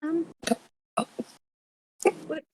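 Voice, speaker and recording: A woman's voice: extremely slow, dark tone, no echo, poor audio. A woman playing in a tabletop game, talking hesitantly with many ums and restarts. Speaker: player. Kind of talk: casual in-character play.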